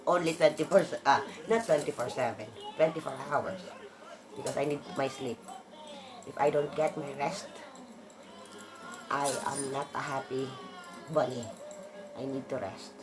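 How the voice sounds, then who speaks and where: A woman in a casual monologue, blunt and emphatic, swearing freely as she rants. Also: extremely low pitch. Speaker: vlogger.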